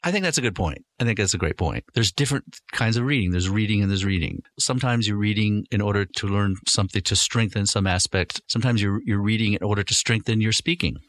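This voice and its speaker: A man's voice: on the low side, fast, hardly any pauses, a bit bright, dry recording. A man, a guest professor, explaining points in an interview and acting out example sentences as he goes. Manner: lecturing, acts out example sentences.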